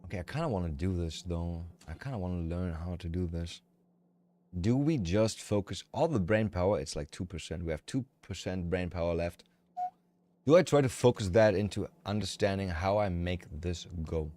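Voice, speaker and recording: Low-voiced German man streaming. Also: normal speed, dark tone. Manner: rambling, frank and profane. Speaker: livestreamer. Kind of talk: casual livestream chat with viewers.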